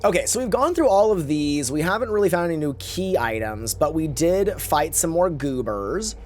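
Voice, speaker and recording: A man's voice: fairly high pitch, animated, moderate pace, a little hiss or hum. A man streaming a game, chatting casually in a rambling way with campy slang and reading chat aloud. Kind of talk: casual live-stream chat while gaming.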